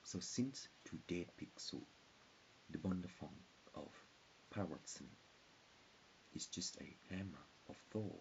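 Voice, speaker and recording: A man's voice: deep voice, unhurried, vocal fry, pauses often. A man in his forties rambling in a disjointed stream of consciousness, often dropping into whispers. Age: 40s. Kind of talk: rambling monologue. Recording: dull hissy lo-fi recording.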